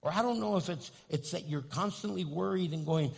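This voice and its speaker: A pastor preaches a sermon in a church sanctuary, speaking plainly to his congregation before rising into fervent calls to pray. His voice sits high and brisk, slightly rough with vocal fry, and the large sanctuary adds a long reverb.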